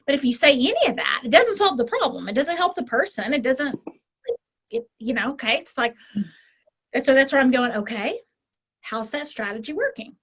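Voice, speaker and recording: A woman life coach talking as a podcast guest, animated, walking through example scenarios and checking in with frequent tag questions. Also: high voice, normal speed, slightly rough, muffled recording. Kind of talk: conversational interview.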